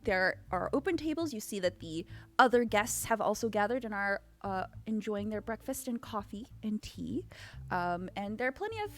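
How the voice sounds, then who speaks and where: A woman's voice: medium pitch, moderate pace. Woman game master setting a scene. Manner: relaxed, loose scene-setting with fillers. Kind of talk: narrating a tabletop game.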